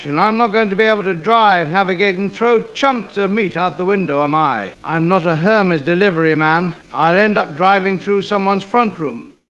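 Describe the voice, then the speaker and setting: A man's voice: high voice, moderate pace, hardly any pauses, fairly bright tone, muffled recording. A man doing a pompous, fussy, self-pitying gent. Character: pompous suburban man with a fussy, indignant temper. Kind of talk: AI-voiced comedy sketch.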